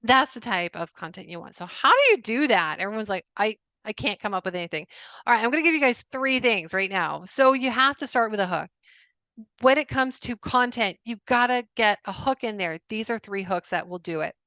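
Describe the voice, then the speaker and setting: A woman's voice: fairly high pitch, lively intonation, a little fast, sharp tone, dry recording. A woman giving an upbeat sales training webinar, emphatic and repeating key phrases. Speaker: business coach.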